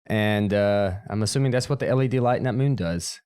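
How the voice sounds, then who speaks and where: A man's voice: lowish voice, fairly quick, darkish tone, clear, resonant tone, no room sound, clean studio sound. A man hosting a podcast, chatting casually and joking, laughing often over a video call. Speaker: podcast host. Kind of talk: casual chat.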